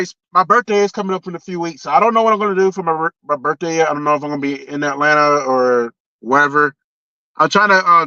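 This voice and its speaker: A man's voice: fairly high pitch, bright, forceful tone, no room sound. A young man, ranting casually about sports on a live stream, blunt and profane, often restarting his sentences. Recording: dull lo-fi stream audio.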